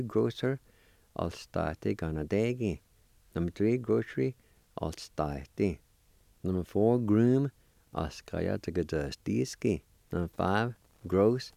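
Slow, gravelly low-voiced man teaching. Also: warm tone, no room sound. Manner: patient, encouraging, spells words out syllable by syllable. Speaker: language teacher. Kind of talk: slow recorded language lesson.

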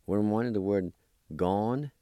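A man giving a slow language lesson, spelling and pronouncing each word and repeating it patiently. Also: lowish voice, mellow, no room sound. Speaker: language teacher.

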